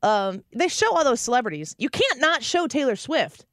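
A woman's voice: sits high, very animated, fairly bright tone, dry recording. Woman radio co-host, casual banter, opinionated, dry studio sound. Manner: opinionated, quick banter with wry asides. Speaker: radio talk show co-host. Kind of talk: casual chat.

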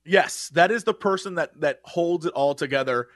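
A man co-hosting a podcast, chatting casually about superhero casting. He is animated and often trails off and restarts mid-thought. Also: a little high, moderate pace, dry recording, studio quality. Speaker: podcast co-host. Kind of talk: casual pop-culture chat.

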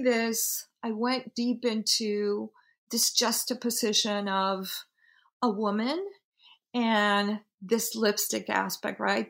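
A middle-aged woman from Peru talks through how she founded her brand. She is reflective and halting, stops often to restart a thought, and her voice has a light gravelly fry. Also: mid-range voice, a bit bright. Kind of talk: interview, telling her brand story.

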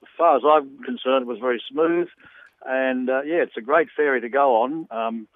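A man's voice: mid-range voice, moderate pace. A man with an Australian accent, an organiser of a charity ride, talking earnestly and ramblingly with many fillers. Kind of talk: phone interview. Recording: tinny phone line, dry.

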